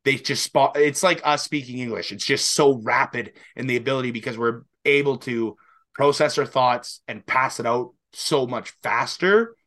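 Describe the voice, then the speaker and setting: On this podcast, the co-host is a young Canadian man whose mid-range voice has a fairly bright tone and moderate pace. It's casual chat, and he rambles with occasional laughter and swearing.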